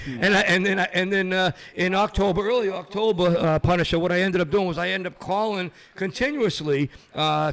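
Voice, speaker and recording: A man's voice: fairly high pitch, gravelly. A middle-aged man from Massachusetts, a podcast guest telling stories in casual chat, acting out the voices of other people. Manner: animated storyteller, acts out other people's voices.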